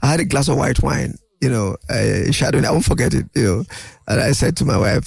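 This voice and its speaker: An older man, a guest in an interview, telling animated anecdotes and acting out other people's voices. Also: medium pitch, quick pace, creaky, hardly any pauses, breathy edge, no room sound. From Nigeria. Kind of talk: storytelling interview.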